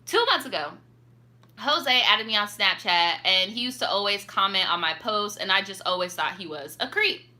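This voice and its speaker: Young woman host, bright and punchy, animated and petty storytelling with lots of swearing. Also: mid-range voice, normal speed. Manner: animated, petty and profane, laughing asides. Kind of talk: casual chat reading viewer stories.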